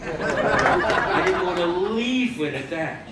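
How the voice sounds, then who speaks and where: A man's voice: sits high, animated, slow, over a noisy crowd. A man performing as a stage magician, telling a story full of wry puns to a live audience. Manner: punning, wry storyteller who plays to the audience. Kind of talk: comic storytelling patter during a magic act. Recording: echoey live theater, distant mic, audience noise.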